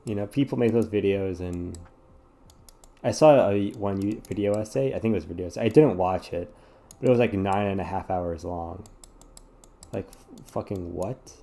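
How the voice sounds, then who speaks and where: Sleepy gamer guy, gravelly and mellow, rambles and swears through casual chat. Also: sits low, normal speed. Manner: rambling and self-deprecating, swears often. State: yawning, sleepy. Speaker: gaming streamer. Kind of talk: casual chat while playing a puzzle game.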